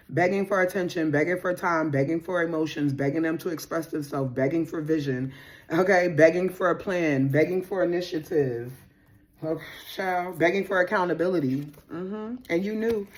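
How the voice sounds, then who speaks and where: A young adult woman, doing a casual tarot reading in a sassy, animated way and swearing casually. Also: on the low side. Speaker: tarot reader.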